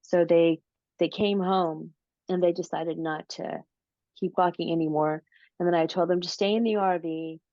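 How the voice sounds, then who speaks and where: This is a lower-pitched woman, recorded dry and close with dull, lo-fi sound. She talks slowly and casually, drawing out her story with plenty of "um"s and restarts. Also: steady tone, dark tone, no echo. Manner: slow, drawn-out storytelling with many fillers. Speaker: interview guest, paranormal researcher. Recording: dull lo-fi audio.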